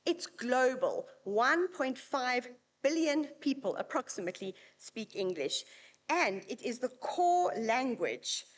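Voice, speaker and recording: South african lady presenting at a uni event, bit higher voice, chatty and joking. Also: big pitch swings, slow. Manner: chatty, anecdotal, lightly humorous. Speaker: university presenter. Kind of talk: conference presentation with slides.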